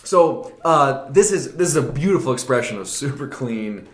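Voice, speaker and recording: A man co-hosting a casual wine tasting show, talking with enthusiasm and animated energy. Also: mid-range voice, moderate pace. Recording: echoey room.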